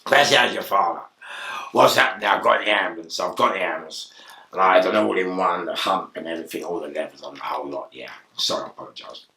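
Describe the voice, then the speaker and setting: Gravelly London man telling wild stories. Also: sits low, fast, roomy sound, far from the mic, slight background noise. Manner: excitable, laughs and shouts mid-story. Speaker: interview guest. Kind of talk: animated storytelling.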